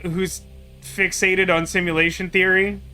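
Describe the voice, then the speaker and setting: Guy streaming a game, high bright voice, rambles a lot, faint music behind. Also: little pitch movement, a little slow, clean tone. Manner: wry, rambling, with many "like"s. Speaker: gaming streamer. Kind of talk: casual game commentary.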